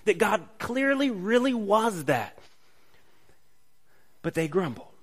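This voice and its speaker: Conversational male preacher, slightly high voice. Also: big pitch swings, slow. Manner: casual, checks in with listeners by asking "right?"; restarts phrases, shifts from soft to emphatic. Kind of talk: conversational sermon.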